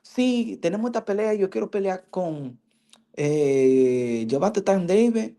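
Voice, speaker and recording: A meek, well-mannered boxer speaks softly and modestly, as a man imitates him. He sounds humble and never boastful. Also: sits high, expressive, normal speed, creaky. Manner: mild and modest in Spanish. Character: meek polite humble male Dominican boxer.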